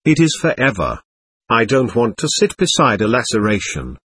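A man's voice: mid-range voice, huge pitch swings, normal speed, fairly bright tone, husky, full character voice. A man voicing a proud, bitter young man saying a wounded farewell, cold and reproachful.

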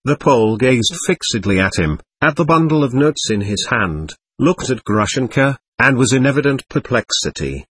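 Expressive male audiobook narrator. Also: mid-range voice, moderate pace, few pauses, slightly rough. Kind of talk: novel reading.

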